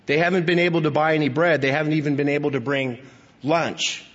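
A man's voice: fairly high pitch, fairly even intonation, fast, fairly bright tone, in a large hall, lo-fi sound. A male pastor preaching earnestly and emphatically, reading scripture and asking rhetorical questions.

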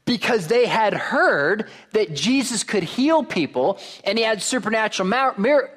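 Unhurried and high-pitched, a pastor preaches a sermon to a congregation, reading verses aloud. He stays animated and puts questions to the crowd.

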